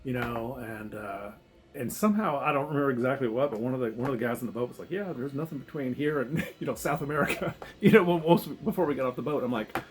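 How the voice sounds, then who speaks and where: A man's voice: medium pitch, fast. A man casually telling a story to camera, rambling and restarting, swearing and chuckling often. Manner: rambling, self-interrupting, swears and laughs often. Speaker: vlogger telling a diving story.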